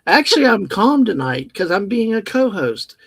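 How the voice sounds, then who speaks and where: A man co-hosting a live stream who cracks jokes and tosses in quick asides. His pitch swings widely as he talks, and the sound is dry and close to the mic. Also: creaky, breathy edge, no room sound. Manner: jokey and animated, quick asides. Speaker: co-host. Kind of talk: casual live-stream chat.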